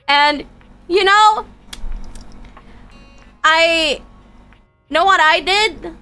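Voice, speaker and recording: A woman's voice: high voice, sharp tone. A woman streamer telling a personal story in casual chat, stammering and swearing freely, with faint music behind her.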